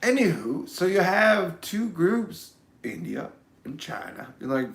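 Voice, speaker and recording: A man vlogging in a loose, meandering monologue, cursing freely and swinging from mumbles to shouts. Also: sits high, animated, moderate pace, roomy sound. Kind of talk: rambling casual monologue.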